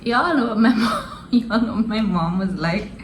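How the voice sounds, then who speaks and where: A woman's voice: a little high, sing-song, normal speed. A young woman vlogger telling a story casually, laughing often and using slang. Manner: laughing often, slangy, addresses viewers as y'all. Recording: roomy echo, faint noise.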